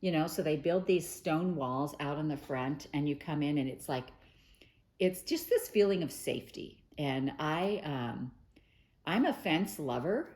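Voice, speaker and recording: Chatting casually to camera, a middle-aged woman hosts a quilting news show, gushing with many fillers and restarts. Her low-pitched voice swings widely in pitch, sounding a little slow and a little mellow.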